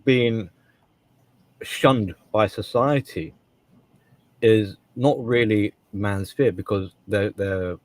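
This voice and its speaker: Emphatic low-voiced man, dry sound. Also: slow, long pauses, darkish tone, no room sound. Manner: emphatic, repeats and restarts words. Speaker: co-host. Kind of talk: casual podcast discussion.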